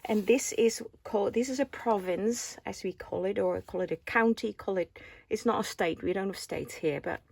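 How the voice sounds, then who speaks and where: A woman's voice: mid-range voice, normal speed, creaky, few pauses, a little mellow, slightly rough, no room sound. A woman in her forties from the Netherlands with a Dutch accent, chatting casually as she shows off items from a craft haul and asks the viewers questions. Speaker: craft vlogger. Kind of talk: casual show-and-tell chat.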